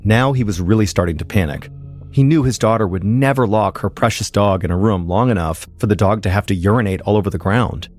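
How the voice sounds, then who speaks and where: A man hosting a podcast, telling a true-crime story in measured, suspenseful scripted narration. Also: lowish voice, darkish tone.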